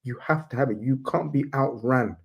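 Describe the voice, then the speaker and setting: A young man talking football in a casual debate, measured and a bit defensive. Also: mid-range voice, creaky, breathy edge, muffled recording. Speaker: football pundit and Liverpool fan.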